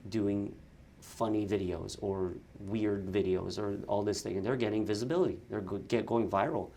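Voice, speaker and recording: A man speaking in a fairly low register, recounting stories in a relaxed interview. His delivery is lively, with quick bursts and frequent restarts. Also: vocal fry, a little hiss or hum. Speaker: actor and content creator, guest. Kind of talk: casual interview chat.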